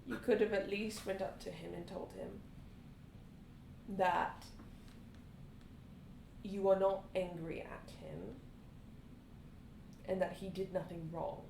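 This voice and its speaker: A woman's voice: mid-range voice, steady tone, slow, vocal fry, pauses often, darkish tone. A woman playing a tabletop role-play game, narrating her character's actions and arguing animatedly with another player. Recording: echoey room, faint background noise.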